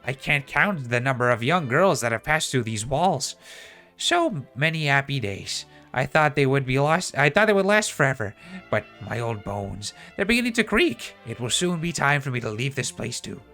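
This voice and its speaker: A man's voice: mid-range voice, big pitch swings, moderate pace, faint music behind. A man reading a wistful old woman teacher. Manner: wistful, gentle.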